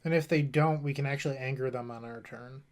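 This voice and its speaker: A man's voice: medium pitch, steady tone, fast, darkish tone. A man casually commentating his own card game play, rambling with self-mocking asides. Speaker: gameplay streamer.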